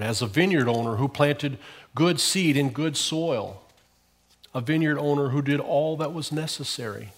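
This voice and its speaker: Male pastor, church sermon, swells and falls, story-led. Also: moderate pace. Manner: storytelling preacher, swelling louder on key phrases and dropping low at ends.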